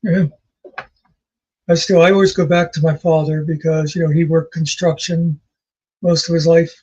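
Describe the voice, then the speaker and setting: Male co-host, husky and a bit high, loose anecdotal delivery, muffled lo-fi recording. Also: level tone, moderate pace, darkish tone. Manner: rambling, anecdotal, with many fillers. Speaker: podcast co-host. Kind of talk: casual chat.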